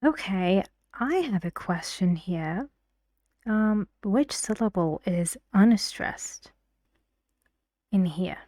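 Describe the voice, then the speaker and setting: A woman whose first language is Persian teaches at a middle pitch, walking through each point patiently. The sound is dry and close, with no room around it. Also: lively intonation, slow pace, a little mellow, dry recording. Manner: patient, step-by-step explaining. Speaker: English teacher. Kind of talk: classroom explanation.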